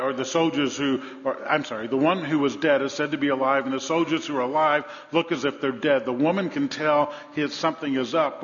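A man preaching a sermon, telling stories with humor and swinging between loud emphasis and low, soft lines. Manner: storytelling with humor. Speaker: pastor. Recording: dull sound with long hall reverb.

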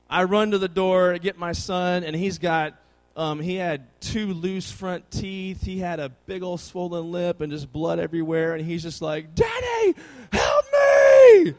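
Animated youth pastor preaching. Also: male voice, a little high. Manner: animated storytelling, conversational. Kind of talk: sermon.

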